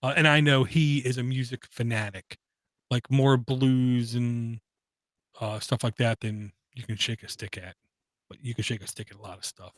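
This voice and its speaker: A man's voice: medium pitch, fairly even intonation, normal speed, dry recording. Guy cohosting a tech podcast, rambles and trips over his words, mid voice, dry close mic. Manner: rambling, self-interrupting, opinionated. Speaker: podcast co-host. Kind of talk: casual chat.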